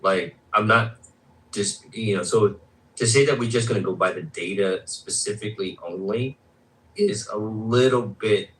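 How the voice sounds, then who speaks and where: Male debate panelist: bright tone, insistent and interrupting, slight background noise. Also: on the low side, a little slow, low-quality recording. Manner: insistent, keeps interrupting, profane. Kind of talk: heated debate.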